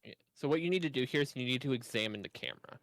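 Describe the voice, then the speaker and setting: Calm co-player giving game tips. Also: medium pitch, racing, a little hiss or hum. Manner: instructive, dry joking. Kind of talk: casual let's-play chat.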